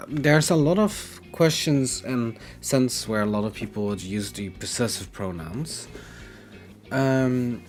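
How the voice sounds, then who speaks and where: A man with a Dutch accent teaching his language on a casual livestream, rambling and correcting himself as he explains with examples. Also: mid-range voice.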